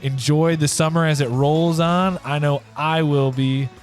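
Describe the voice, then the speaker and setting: A man's voice: a little high, steady tone, soft background music. A man co-hosting a podcast in casual chat, loose and talkative, drawing out his sign-off. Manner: chatty, loose, sign-off drawn out slowly. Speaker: podcast co-host.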